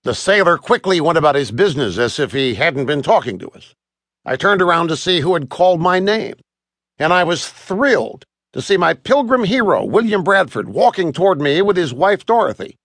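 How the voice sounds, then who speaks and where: A man narrating a children's audiobook in an animated, expressive storytelling manner, recorded close to a studio mic. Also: a little high, normal speed, no room sound.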